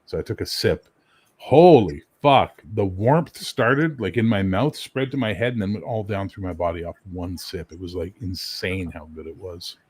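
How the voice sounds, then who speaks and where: A man's voice: deep voice, brisk, few pauses, breathy edge. A man from Canada chatting casually on a podcast, telling stories with lots of swearing and acting out what people said. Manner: storytelling, animated, swears freely, acts out quotes. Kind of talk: casual chat.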